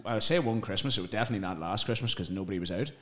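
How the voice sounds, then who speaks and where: Low-voiced podcast lad. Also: male voice, lively intonation, racing, over a noisy crowd. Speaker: podcast co-host. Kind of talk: casual chat, storytelling.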